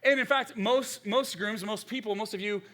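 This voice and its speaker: A middle-aged male pastor preaching a sermon in a conversational, animated way, with frequent restarts. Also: high-pitched, moderate pace.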